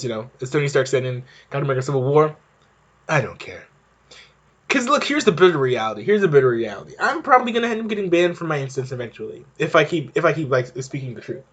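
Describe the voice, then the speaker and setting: Young male podcast host, rambling off-the-cuff monologue, animated and a bit high-voiced. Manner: rambling, frequent fillers and restarts, laughs while talking. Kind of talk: casual monologue.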